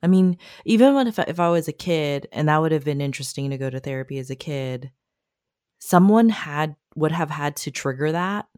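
A woman co-hosting a podcast in casual chat, opinionated, with quick asides and frequent laughs. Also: sits low, animated, a little mellow, no room sound, studio quality. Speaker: podcast co-host.

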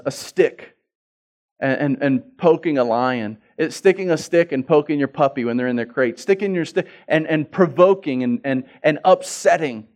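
Animated man preaching a sermon. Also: a little high. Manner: animated storytelling, swings from loud to hushed; repeats words and restarts. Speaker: pastor.

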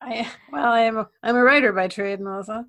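A woman's voice: a little high, brisk, a bit bright. A woman co-hosting a podcast in casual chat, with a dry, understated humor. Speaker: podcast co-host.

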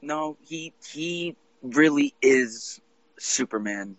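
A man chatting casually about movies, excitable and quick to jump between points, swearing now and then. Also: a little high, no echo, rough recording.

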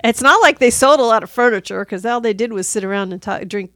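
A woman's voice: a little high, quick pace, fairly bright tone, dry recording. Woman, podcast co-host, casual movie chat, giggles a lot, dry close sound. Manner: giggly, laughs often.

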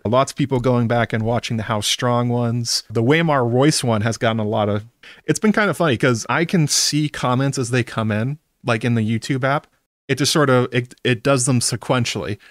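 A man's voice: mid-range voice, no echo, clean studio sound. A man casually chatting on a live stream, recapping an episode, often breaking off mid-sentence and laughing.

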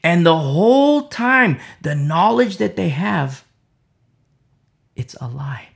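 A man's voice: high-pitched, sing-song, takes it slowly, gravelly. A man preaching an informal sermon, impassioned and rambling, with many fillers and repeated phrases.

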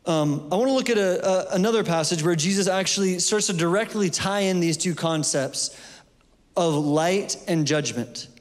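High-voiced male preacher in a reverberant hall. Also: normal speed. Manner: conversational, loose with fillers and restarts. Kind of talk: sermon.

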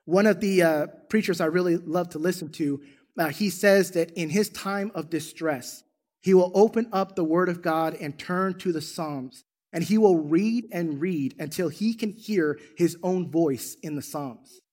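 A man preaching a sermon as a church pastor, with an animated, emphatic storytelling manner. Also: high voice, measured pace. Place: church sanctuary.

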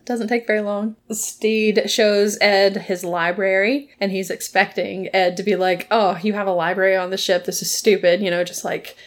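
A woman's voice: medium pitch, flat delivery, moderate pace, hardly any pauses. A woman in casual chat, recapping a story with frequent laughter and livelier voices for quoted characters. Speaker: podcast co-host recapping a TV episode.

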